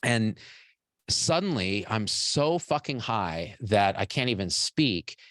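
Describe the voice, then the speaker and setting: Man, forties, somewhat low voice, rambling profane storyteller, physician host, dry sound. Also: very animated, slow pace, fairly bright tone, no room sound. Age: 40s. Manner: candid, profane, rambling with frequent "like". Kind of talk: casual personal storytelling to an audience.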